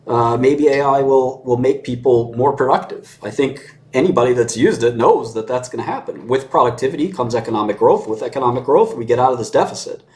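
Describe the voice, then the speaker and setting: A man in a casual conversation who talks in an opinionated and sarcastic way, chuckling mid-sentence and mimicking others in mocking voices. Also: medium pitch.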